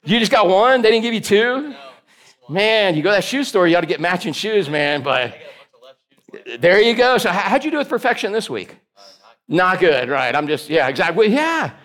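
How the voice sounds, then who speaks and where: A man, preaching in a loose, jokey way to a small group. His voice sits high, and he keeps breaking into playful asides aimed at people in the room. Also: big pitch swings, moderate pace, fairly bright tone. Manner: jokey, teasing listeners by name, playful asides. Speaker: pastor. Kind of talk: casual joking sermon to a small group.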